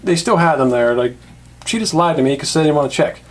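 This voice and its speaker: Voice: mid-range voice, fairly quick. Chatty toy reviewer. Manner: chatty, swears, laughs often. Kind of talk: casual review and rant.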